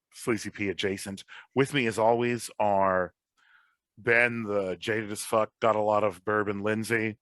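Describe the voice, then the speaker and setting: Bright-voiced man hosting a podcast, rambling. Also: fairly low pitch, no echo. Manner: rambling, self-deprecating, animated. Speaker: podcast host. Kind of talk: casual podcast chat.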